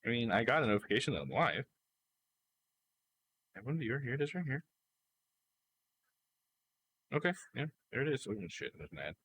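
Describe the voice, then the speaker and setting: A man's voice: medium pitch, big pitch swings, fast, a bit bright, a little hiss or hum. A man live-streaming a game, chatting with viewers and reading the game's text aloud.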